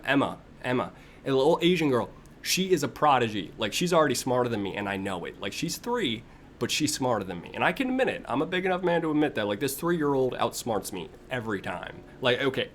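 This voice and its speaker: A young man hosting a casual livestream, telling lively stories, laughing and mimicking kids, then answering viewer questions. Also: slight background noise. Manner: animated storyteller, imitates kids in a high voice, laughs often. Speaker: livestream host.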